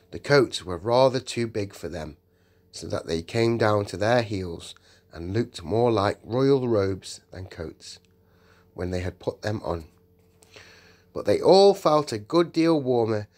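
Man, audiobook narrator, slow, very expressive pitch, measured. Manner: measured storytelling. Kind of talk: audiobook reading.

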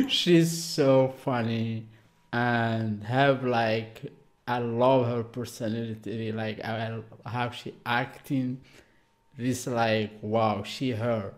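A man from Algeria hosting a reaction video, talking excitedly in broken English with many exclamations. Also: mid-range voice, slow.

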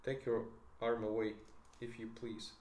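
A man's voice: fairly low pitch, little pitch movement, darkish tone, close to an everyday voice. A man reading the lines of a shy, emotional young woman, in an echoey room. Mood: teasing. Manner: reads her lines close to his own voice, halting slips. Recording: echoey room, faint noise.

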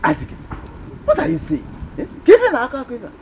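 A man's voice: very high-pitched, wildly swooping pitch, fairly quick, gravelly, background noise, full character voice. A man with a Nigerian accent playing a scheming uncle who ends up pleading and confessing. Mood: scornful. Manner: shouting, then pleading and groaning. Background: film score.

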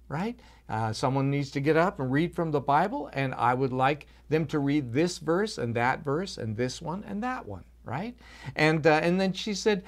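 A man's voice: fairly high pitch, normal speed. Man telling a children's church story. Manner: animated storytelling with frequent restarts; asks listeners questions.

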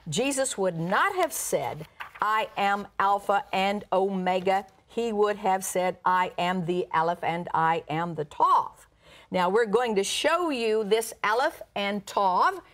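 A woman's voice: mid-range voice, expressive, slow pace, fairly bright tone. A woman pastor teaching the Bible, reading scripture aloud and explaining words, with frequent "uh" fillers. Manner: uses "uh" fillers.

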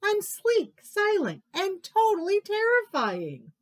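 A woman doing a squeaky little tiger cub. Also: huge pitch swings, slow pace, heavily acted. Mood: indignant. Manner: high, squeaky and indignant. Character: small clumsy boy tiger cub, eager to be scary.

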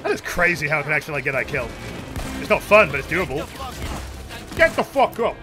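Goofy, excitable young man streaming. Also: on the high side, rapid-fire. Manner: goofy and excitable, with sudden yells. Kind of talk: casual gaming commentary. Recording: game music playing behind.

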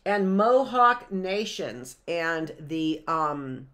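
A woman's voice: low-pitched, animated, unhurried, a bit bright. A woman, a teacher reading a picture book aloud to young children on a livestream and wandering into chatty asides and questions.

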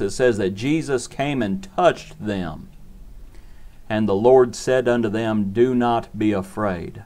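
A man preaching a short devotional sermon in an earnest, repetitive cadence. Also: mid-range voice.

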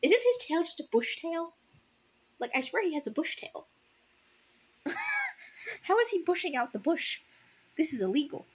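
A woman's voice: high-pitched, very animated, moderate pace, pauses often. A woman casually reading a fan story aloud and breaking off for sarcastic, laughing commentary. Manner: sarcastic, laughs often, unscripted. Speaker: audiobook reader and commentator.

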